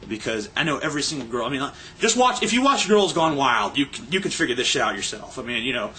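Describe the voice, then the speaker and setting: A man's voice: medium pitch, big pitch swings, fast, hardly any pauses, bright, forceful tone, a little hiss or hum. A young man ranting to his camera in a rambling, sarcastic and crude casual way. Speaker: vlogger. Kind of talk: casual profane rant.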